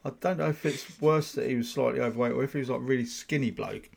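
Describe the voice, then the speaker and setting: A man's voice: medium pitch, fast talker, creaky. A man co-hosting a casual chat podcast in an easygoing, jokey way. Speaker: podcast co-host.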